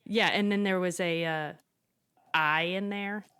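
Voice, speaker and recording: A woman's voice: on the low side, steady tone, measured pace, a bit bright, clear, resonant tone. A woman co-hosting a podcast, recapping events in a plain, matter-of-fact casual chat. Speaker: podcast co-host.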